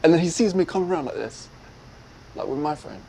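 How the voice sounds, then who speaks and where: A man's voice: a little high, lively intonation, a little fast, vocal fry, dark tone, a little hiss or hum, low-quality recording. A man telling a personal story in a casual way. He acts out other people's lines as he goes. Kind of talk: casual retelling.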